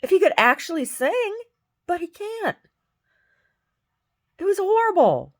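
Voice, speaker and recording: A woman who sings tells a story in a casual, exasperated rant, often mimicking other people. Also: unhurried. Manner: animated, exasperated, mimics others in high voices. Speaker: singer.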